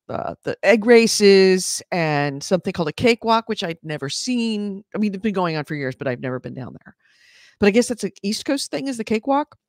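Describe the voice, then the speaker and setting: A woman co-hosting a casual podcast chat, talking in an animated, mock-outraged way. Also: fairly low pitch, no echo, studio quality. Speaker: podcast co-host.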